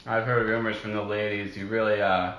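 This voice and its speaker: A man's voice: lowish voice, level tone, fairly quick, fairly bright tone, roomy sound, a little hiss or hum. A young man from New Jersey co-hosting a casual podcast chat, goofy and full of surfer slang. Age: young adult. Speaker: podcast co-host.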